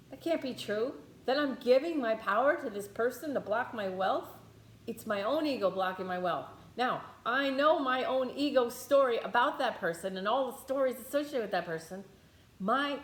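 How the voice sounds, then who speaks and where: A woman leading a guided tapping meditation, talking bluntly, swearing freely and thinking aloud as she works through her own feelings. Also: medium pitch. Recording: echoey room.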